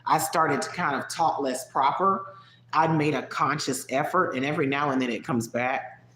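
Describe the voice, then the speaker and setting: A talkative live-stream host with a soft Southern US accent, chatting loosely with viewers at a middling pitch. The voice keeps breaking into laughter and leaping upward in pitch. It rings in an echoey room. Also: moderate pace, a little hiss or hum. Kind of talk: casual live-stream chat. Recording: roomy echo.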